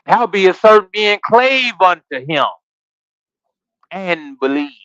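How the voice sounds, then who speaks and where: Speaking slowly in a high, animated voice that's pushed, bright and smooth, a man hosts a livestreamed Bible study on his streaming rig. He reads scripture, then riffs in a laid-back, preachy way, quizzing listeners with slangy asides in between. The recording is dry and muffled.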